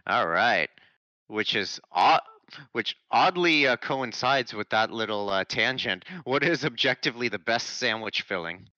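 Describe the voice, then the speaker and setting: A man's voice: mid-range voice, lively intonation, measured pace, bright, forceful tone, dry recording, lo-fi sound. A man hosting a podcast in a laid-back, joking way, reading questions from the chat. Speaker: podcast host. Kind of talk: casual chat.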